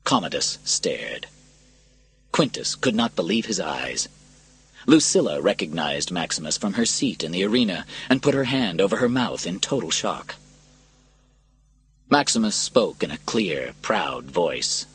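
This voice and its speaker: A man narrating a scripted story in a dramatic, expressive reading style with a husky voice. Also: sits low, a little slow, soft background music.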